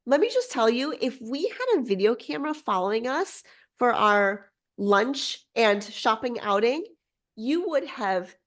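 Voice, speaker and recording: A bubbly, excitable woman telling a story as a podcast guest. Her voice sits a little high and keeps leaping up and down as she gets swept along. She trips over her words, restarts, and keeps going. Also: unhurried. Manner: lively swings in pitch. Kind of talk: casual storytelling.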